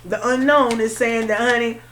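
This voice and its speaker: A woman's voice: fairly high pitch, steady tone, normal speed, a bit bright, a little hiss or hum. A woman doing a tarot card reading for her viewers, calling the listener honey and repeating her phrases. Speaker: tarot reader.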